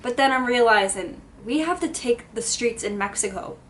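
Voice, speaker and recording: A woman vlogger telling a dramatic story time, animated and salty with swearing. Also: on the high side, normal speed, slight background noise. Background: background music.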